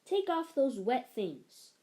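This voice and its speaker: A woman's voice: high voice, big pitch swings, slow pace, mellow, voice pushed up, exaggerated voice. A woman voicing a kindly, doting great-grandmother in a storybook read-aloud.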